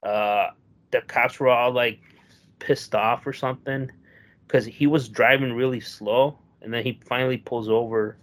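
A man's voice: mid-range voice, fairly even intonation, a little slow, a bit bright. A man in casual chat, rambling and swearing, with lots of fillers, who acts out the people in his story. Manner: rambling, profane, filler-heavy, acts out quotes.

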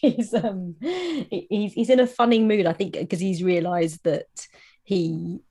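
A woman's voice: medium pitch, unhurried, mellow, breathy edge. A woman co-hosting a book podcast, hesitant and thinking aloud. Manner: hesitant, restarting thoughts. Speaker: podcast co-host. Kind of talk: casual book chat.

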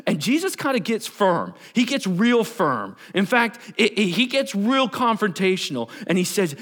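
A man preaching a sermon to his congregation, animated and conversational, acting out Bible characters in everyday voices. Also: high voice, normal speed, few pauses. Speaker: pastor.

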